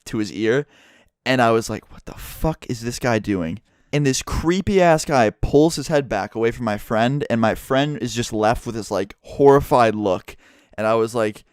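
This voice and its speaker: A young man tells a story vlog in a lively, profane way, cursing all through. His voice is smooth and clear at a middle pitch, and the sound is dry and close to the mic. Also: no echo. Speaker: YouTuber.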